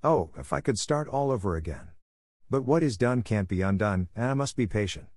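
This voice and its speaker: A man's voice: lowish voice, sing-song, brisk, a little mellow, no room sound, studio quality. A man voicing a tearful marionette boy who pleads and sobs. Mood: remorseful. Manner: sobbing, pleading.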